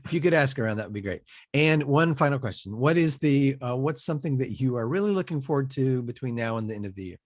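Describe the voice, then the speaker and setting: A man's voice: medium pitch, lively intonation, quick pace, hardly any pauses, dry recording, clean studio sound. Joking man hosting a video call chat. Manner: joking, chatty, with frequent fillers. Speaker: host. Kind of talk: casual online show interview. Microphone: video call mic.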